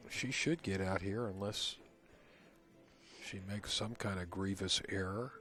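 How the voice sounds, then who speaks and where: A man giving low, calm play-by-play commentary on a pool match, recorded in a casino event hall. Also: measured pace.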